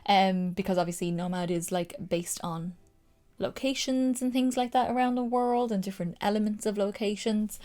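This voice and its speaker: A young woman with a Dublin accent, chatting excitedly through a casual makeup tutorial with lots of fillers. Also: medium pitch, moderate pace. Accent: Dublin Irish. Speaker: makeup creator.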